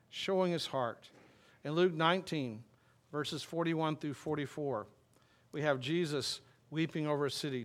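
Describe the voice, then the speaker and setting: A male pastor preaching a sermon in a conversational way, reading scripture slowly and explaining it with frequent restarts. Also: a little high. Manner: reads scripture aloud slowly, then explains it plainly.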